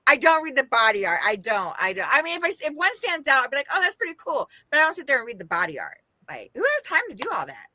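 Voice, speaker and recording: Animated, high-voiced woman host. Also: fast talker, few pauses. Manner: animated, laughing storyteller. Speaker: podcast host. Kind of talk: casual chat. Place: home livestream studio.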